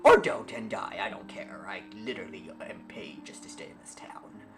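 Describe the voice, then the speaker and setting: A man's voice: on the high side, sing-song, measured pace. A man voicing a lazy, scornful male town guard who taunts the hero, with game music behind. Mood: mocking. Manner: sneering, taunting.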